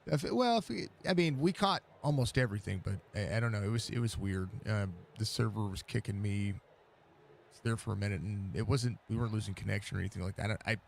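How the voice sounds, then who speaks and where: A man's voice: on the low side, fast talker, gravelly, a little hiss or hum. A man hosting post-race interviews in casual talk, laid-back and rambling, laughing often, on a headset mic. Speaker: race broadcast host.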